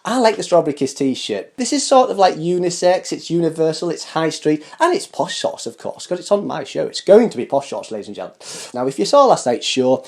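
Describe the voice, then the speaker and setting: A camp, chatty man hosting a fashion show straight to camera, teasing his viewers as he goes. His pitch swoops up and down all the time, over a warm, mellow tone, and he speaks into a studio microphone. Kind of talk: casual chat to camera. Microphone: studio microphone with foam cover.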